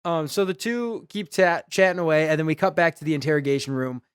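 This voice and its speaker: A man's voice: on the high side, fast talker, smooth, dry recording, clean studio sound. A man co-hosting a podcast, sarcastically retelling a horror film's plot with quoted voices. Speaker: podcast co-host. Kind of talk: casual movie recap chat.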